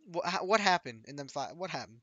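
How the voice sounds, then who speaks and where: Bright, teasing young-sounding streamer man. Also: on the high side, expressive, a little fast, no echo, dull audio. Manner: joking, teasing banter with chat and friends. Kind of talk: casual gaming stream chatter.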